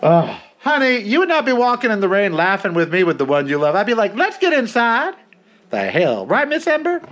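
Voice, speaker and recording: A man's voice: high-pitched, very animated, a little fast, a bit bright, lo-fi sound. A man hosting a cooking vlog, chatting casually in a campy, sassy way with theatrical asides while he works in his home kitchen.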